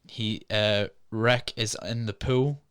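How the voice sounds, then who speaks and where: A man with a bright, crisp, clear voice chats casually as a podcast co-host. He retells a film's scenes with animated energy and drops into voices for the characters. The sound is clean and recorded in a studio. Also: lowish voice, takes it slowly. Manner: animated retelling, acts out quotes in put-on voices. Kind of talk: casual film review chat.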